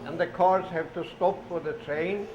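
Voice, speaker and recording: A storybook reader for children, this man has a high voice and reads train picture books at a moderate pace with fairly even intonation, in a sing-song way. He repeats words and gets the kids to make the train sounds with him. The echoey room gives a dull, noisy lo-fi sound.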